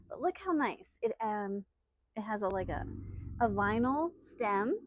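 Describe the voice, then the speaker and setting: A woman hosting a casual unboxing vlog, chatty and excitable, laughing often as she talks. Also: medium pitch, normal speed, dry recording. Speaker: channel host.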